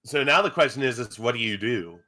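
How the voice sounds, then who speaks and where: A man running a tabletop game as game master, narrating scenes and throwing in quick playful asides. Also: mid-range voice, animated, bright, forceful tone.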